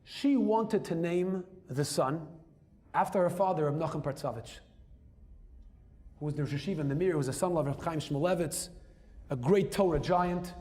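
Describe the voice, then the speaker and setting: Guy telling a long story to a crowd, kinda high voice, really into it, tosses in hebrew and yiddish words. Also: normal speed. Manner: lively, emphatic storyteller who slips Hebrew and Yiddish terms into English. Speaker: rabbi telling a story to an audience. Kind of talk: storytelling talk.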